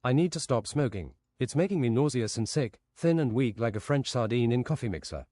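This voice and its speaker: A man's voice: mid-range voice, lively intonation, a little fast, mellow, dry recording, natural voice. A man voicing a chain-smoking French assassin in an improvised spoken story, with a blunt, too-honest delivery.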